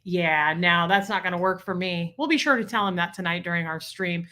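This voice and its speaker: Female streamer, crisp bright voice, gushing casual chat with her viewers. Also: on the low side, a little fast, few pauses. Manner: chatty, greets viewers by name, gushing. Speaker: livestream host reading chat.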